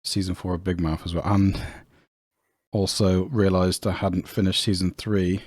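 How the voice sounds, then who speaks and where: Male podcast co-host, low voice, playful, dry close mic. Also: little pitch movement, normal speed, darkish tone, no echo. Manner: enthusiastic, laughs easily, mock-serious. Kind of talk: casual chat.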